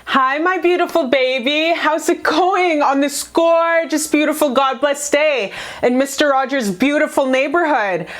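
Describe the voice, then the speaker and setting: Brief: young woman tarot reader, a little high-pitched, gushing, emotional, swears a lot. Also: unhurried, hardly any pauses, fairly bright tone. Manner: effusive, emotional and profane, repeats "you guys". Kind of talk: love tarot reading to camera.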